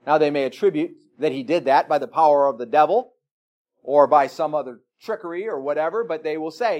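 A man's voice: fairly high pitch, fairly quick, darkish tone. A man preaching a sermon in a church, plain-spoken and earnest, asking his listeners pointed questions. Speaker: pastor.

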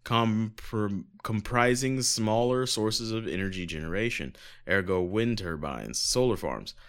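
A man with a fairly low voice reads news articles aloud on a casual podcast. He keeps stopping for sarcastic jokes and a bit of swearing. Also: a bit bright. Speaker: podcast co-host.

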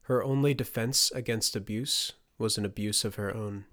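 A man reading a fantasy audiobook as its narrator, in steady, measured scripted storytelling. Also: lowish voice.

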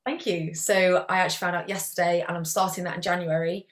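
A young Englishwoman talking casually as an interview guest, with a somewhat low voice. She rambles along freely, scattering "like" through her sentences. The tone is easygoing and conversational. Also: flat delivery, fast. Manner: chatty, rambling, peppered with "like". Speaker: guest athlete.

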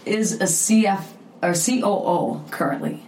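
A woman's voice: lowish voice, a little slow, echoey room, noisy background. A woman hosting a podcast interview, playful and teasing, laughing often. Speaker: podcast host. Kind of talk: casual interview chat.

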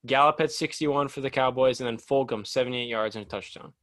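A young man co-hosting a sports podcast, rambling and animated, with lots of "like". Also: medium pitch, a little fast, no echo. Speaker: podcast co-host. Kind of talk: casual sports chat.

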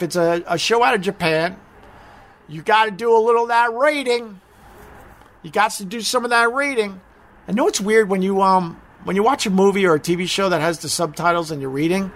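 A man's voice: high-pitched, a bit bright, a little hiss or hum. A middle-aged man chatting casually on a live stream, rambling, mocking himself and swearing freely.

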